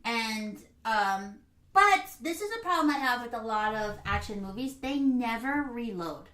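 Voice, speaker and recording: A woman's voice: a little high, lively intonation, measured pace, bright, forceful tone, roomy sound. A woman co-hosting a casual movie review podcast, chatting and acting out characters as she retells scenes. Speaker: podcast co-host.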